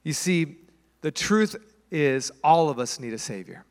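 A pastor preaching a sermon, telling a story and acting out the voices and screams in it. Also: male voice, on the high side, lively intonation, a little slow, in a large hall. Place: church.

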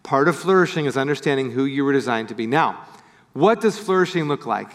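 A man's voice: mid-range voice, brisk. A man preaching a sermon as pastor, telling a story and acting out the people in it. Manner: storytelling, animated voices for quoted people. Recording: church hall with long reverb.

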